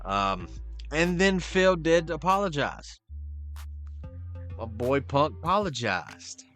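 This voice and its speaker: A man hosting a podcast, recapping a wrestling show in casual, profane chat and quickly voicing the people he quotes. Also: medium pitch. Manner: profane, excitable, retells scenes in quick voices. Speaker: podcast host.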